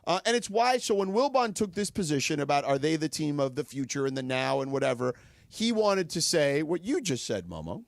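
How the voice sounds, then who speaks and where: A man co-hosting a sports radio show, chatting casually and animatedly with plenty of quick agreement. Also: fairly high pitch, lively intonation, vocal fry, no echo. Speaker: radio co-host. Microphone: studio microphone.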